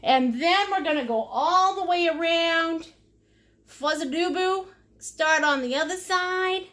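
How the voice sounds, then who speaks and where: A woman with a very high, fairly bright voice leads a live-streamed painting lesson at an unhurried pace. Giggly and playful, she invents words and responds to viewer comments as she paints.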